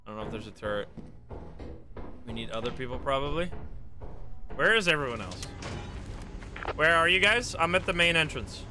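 A man streaming a game live, talking to himself and his friends in an excitable way, swearing and laughing often. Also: on the high side, moderate pace, pauses often, over music. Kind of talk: casual live gameplay commentary.

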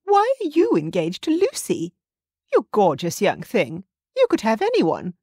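A haughty older mother, pitched shrill and high above the reader's own register, bristling with affront, as a woman narrator puts her on. The storybook voice is close and dry. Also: huge pitch swings, measured pace, mellow, husky, no echo, heavily acted. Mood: incredulous. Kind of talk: audiobook character voice.

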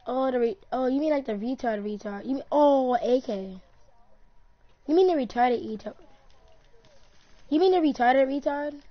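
A woman with a slightly high voice chats loosely over a game, rambling and joking as she trails off and starts again. The recording sounds dull and lo-fi, with the top end muffled. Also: expressive, normal speed, pauses often. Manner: rambling, jokey, trails off and restarts. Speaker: gamer. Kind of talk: casual gaming chat.

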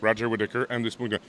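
A man's voice: medium pitch, pushed and bright, smooth. A man who works as a comedian and impressionist, chatting with lots of energy in an interview, laughing often and slipping into voices. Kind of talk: lively interview chat with sung impressions.

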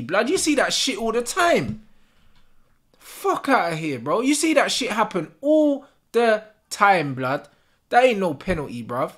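A man's voice: high voice, sing-song, measured pace, fairly bright tone. Furious swearing man. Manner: furious, swearing constantly, slangy. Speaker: football fan channel host. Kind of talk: live match reaction rant.

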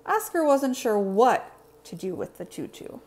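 A woman teacher reads a children's storybook aloud. Her narration is expressive, and her pitch swings widely from line to line. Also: measured pace.

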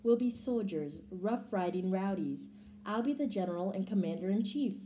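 Woman narrator doing a boastful mouse captain; commanding storybook bluster, warm voice. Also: medium pitch, animated, normal speed, a little hiss or hum, lightly acted. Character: boastful bossy male mouse leader. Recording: roomy echo.

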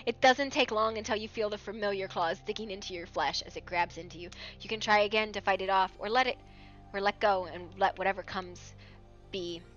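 A woman acting as game master, narrating a horror tabletop scene on a live stream in a hushed, hesitant way with frequent ums. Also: medium pitch, brisk, lo-fi sound, soft background music.

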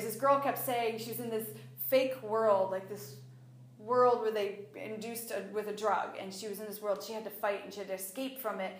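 Animated woman preaching in an echoey room. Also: medium pitch. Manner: animated, acts out quoted voices. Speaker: Bible teacher. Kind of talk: conversational sermon.

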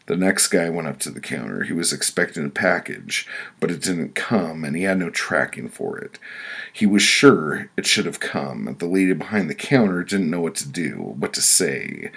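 A deep-voiced man reads his own first-person story aloud. His voice is low with a rough, gravelly fry. He tells it bluntly and swears freely. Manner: blunt and profane, building frustration in the telling. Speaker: author reading his own book. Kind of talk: first-person prose reading.

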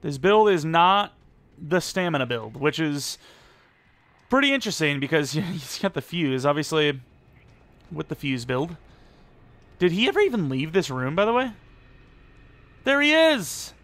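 A young man with a gravelly, creaky edge talks through a video game match, rambling and poking fun at his own play. His voice sits a little higher than most men's, and he bursts into sudden excited outbursts. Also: moderate pace, long pauses. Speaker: gaming YouTuber. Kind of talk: live gameplay commentary.

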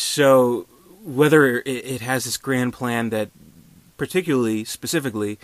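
A man talks through a movie review in an offhand, rambling way, stumbling over restarts and slipping in dry sarcasm. His voice sits at an ordinary middle pitch. The recording is close and dry, with no room sound. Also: a bit bright, no room sound. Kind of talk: casual spoken review.

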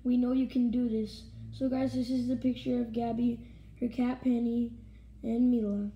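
A higher-pitched female vlogger chatting casually to her viewers. She talks in a halting, emotional way, breaks off mid-sentence and sinks into whispers, with a faint hiss under her voice. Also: flat delivery, highs cut off. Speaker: channel host. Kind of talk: casual vlog chat.

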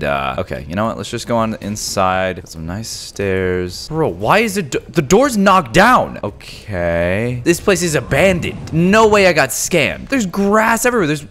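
Jumpy young man with lively commentary. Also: medium pitch. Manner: jumpy, excitable, gasps and yells when startled; casual slang, talks to viewers. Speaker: gaming YouTuber. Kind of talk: gameplay commentary.

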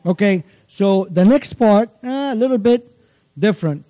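A man teaching children a church chant, patiently repeating each line and singing it out slowly. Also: sits high, lively intonation, warm tone, no echo, rough recording. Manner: patient, repeats phrases slowly, sings the verse drawn out. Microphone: livestream.

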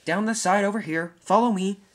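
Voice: a little fast, lightly acted. A young storyteller voicing a scheming villain diesel engine in a homemade toy-train story. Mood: sneering. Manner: sneering, then shrill and panicked.

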